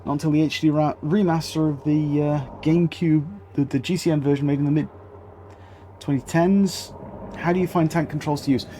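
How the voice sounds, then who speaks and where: A man's voice: fairly high pitch, steady tone, a little fast, mellow, a little hiss or hum. A man giving chatty live gameplay commentary as a streamer, swearing casually and talking to his chat.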